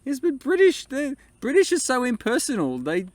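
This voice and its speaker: An Australian man co-hosting a family vlog, his pitch rising and falling a lot as he talks. He jokes at his own expense and trips over his words, restarting sentences often. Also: moderate pace, no room sound. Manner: animated, self-mocking, hesitant with restarts. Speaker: co-host. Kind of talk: casual family vlog chat.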